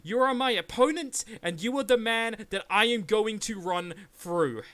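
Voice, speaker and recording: A man's voice: high-pitched, expressive, unhurried, a bit bright. A man in character as a wrestling champion, talking trash in a brash, boastful way. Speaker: wrestler persona in a press conference roleplay.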